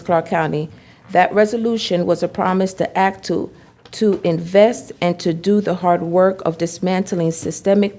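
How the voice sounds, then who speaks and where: A woman giving a public comment at a county budget hearing, advocating in a formal, measured way at a podium microphone. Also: on the low side, mellow. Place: county commission meeting chamber.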